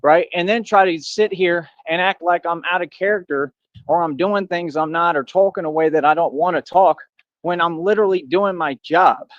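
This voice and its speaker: A man's voice: high-pitched, normal speed, no echo. A grown man hosting his own online show, ranting at critics in a confrontational way and dropping "right?" after his points. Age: adult. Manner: confrontational, repetitive "right?" asides. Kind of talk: casual ranting monologue. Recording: dull, dry lo-fi audio.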